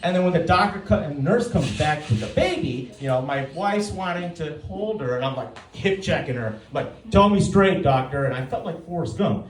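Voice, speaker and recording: A man's voice: fairly high pitch, expressive, normal speed, few pauses, faint music behind. A man in his forties doing a stand-up set, telling stories about his family and acting out the other people's lines. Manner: dry, storytelling delivery with acted-out quotes. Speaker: stand-up comedian. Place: comedy stage before a live audience. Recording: roomy stage sound from a distance. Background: audience laughter.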